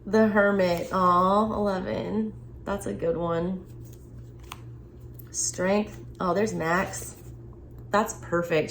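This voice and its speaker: A woman doing a casual, chatty tarot unboxing and reading, excitable and cursing freely as she goes through the cards. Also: fairly low pitch. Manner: chatty, excitable, swears casually, frequent laughs. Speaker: tarot reader. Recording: echoey room with faint background noise.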